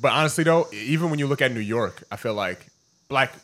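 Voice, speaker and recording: A man's voice: mid-range voice, lively intonation, fast, fairly bright tone. A young man from Baltimore, a comedian guest on a podcast, talking in a laid-back, curious, slangy way. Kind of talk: casual chat.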